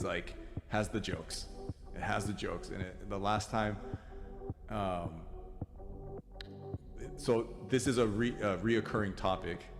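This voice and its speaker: A man, a podcast guest, telling a rambling, profane story in casual chat. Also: low voice. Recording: reverberant, with music over it.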